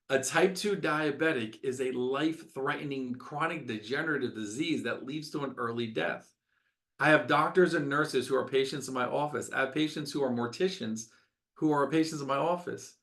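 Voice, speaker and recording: A man's voice: a little high, fairly bright tone. A middle-aged man, a doctor hosting a webinar, talking with passion, ranting and repeating words for emphasis.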